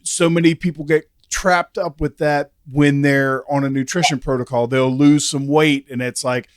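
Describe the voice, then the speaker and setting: A man hosting a podcast, chatting casually and relaxed, often giving short affirming murmurs. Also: a little high, normal speed, hardly any pauses, smooth, no echo, clean studio sound. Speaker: podcast host.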